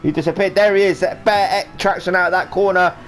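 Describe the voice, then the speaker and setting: Driving in a sim race while commentating on it live, a man rambles and jokes, putting on silly voices for the drivers. He speaks at a quick pace in a steady tone and a voice that sits high, over faint game sound.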